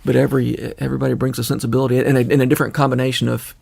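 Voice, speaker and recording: An older man with a Southern accent hosting a podcast, talking in a halting way and repeating words. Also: medium pitch, little pitch movement, creaky, darkish tone, no room sound. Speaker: podcast host. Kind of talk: casual conversation.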